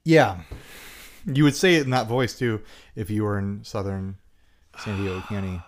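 A man's voice: fairly low pitch, steady tone, moderate pace. A man co-hosting a podcast in casual chat, joking and teasing his friend. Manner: joking, teasing, mock-indignant. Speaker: podcast co-host.

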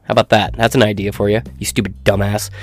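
A man's voice: on the low side, little pitch movement, quick pace, dry recording. A man ranting through a commentary with crude, profane, sneering talk.

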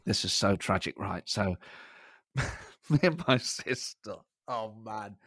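A man's voice: on the low side, animated, slow pace, fairly bright tone, no room sound, studio quality. A man from Nottingham, England, co-hosting a podcast in a casual chat and telling a self-mocking story. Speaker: podcast co-host.

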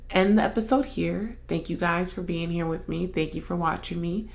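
A young adult woman hosting her own podcast, chatting casually and expressively, swearing and jumping high when acting out stories. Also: moderate pace, vocal fry, hardly any pauses. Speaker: podcast host. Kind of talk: casual solo chat.

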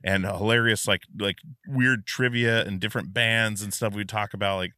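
A man's voice: on the low side, fairly even intonation, moderate pace, sharp tone, dry recording, clean studio sound. A man hosting a casual podcast interview, rambling with many fillers and restarts. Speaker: podcast host.

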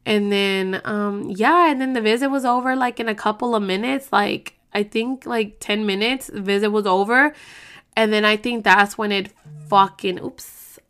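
A young woman telling a personal story to her viewers, full of slang and swearing, switching into quick impressions of herself and others. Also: mid-range voice, a bit bright, clean tone. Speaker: vlogger. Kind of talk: casual storytelling to camera.

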